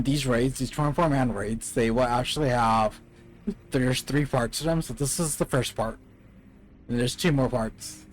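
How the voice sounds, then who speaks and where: A man's voice: mid-range voice, a little hiss or hum. A man streaming a video game, chatting casually and explaining the game to his viewers. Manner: chatty, explains to chat, reads cutscene lines aloud.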